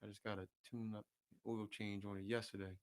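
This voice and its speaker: A man with a lowish, level voice talks fairly quickly as he chats casually with his viewers. He uses loose slang, repeats himself, hops between topics and chuckles often.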